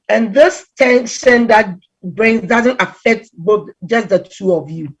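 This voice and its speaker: A middle-aged woman from Ghana giving a conversational talk on relationships, telling stories with lively acted-out quotes. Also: mid-range voice, takes it slowly, husky. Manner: animated storytelling, acts out quoted voices. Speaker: relationship talk guest speaker.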